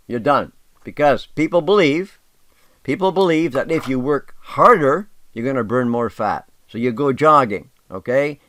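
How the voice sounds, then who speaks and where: A man's voice: medium pitch, a bit bright, no room sound. An older man, talking casually and emphatically as host, reading aloud with asides. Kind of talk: casual monologue.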